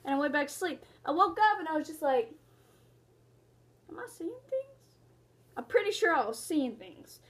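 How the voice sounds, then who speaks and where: Casting: high-pitched woman, student host of her own vlog, giggly, jokey, rambling. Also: expressive, fast, few pauses, a bit bright. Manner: jokey, giggly, talks in silly asides. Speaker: YouTuber hosting her own channel. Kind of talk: casual rambling vlog chat.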